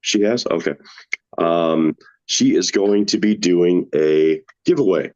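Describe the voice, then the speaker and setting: A man's voice: sits low, takes it slowly, darkish tone. A man hosting a paranormal podcast, joking around loosely and rambling with fillers. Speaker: podcast host. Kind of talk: casual podcast chat. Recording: dull lo-fi sound.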